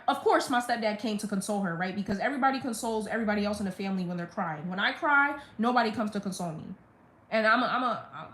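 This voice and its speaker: A woman's voice: fairly high pitch, fairly bright tone. A young woman on a live stream, venting a blunt, profane storytime rant about her family. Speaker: livestreamer. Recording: roomy echo.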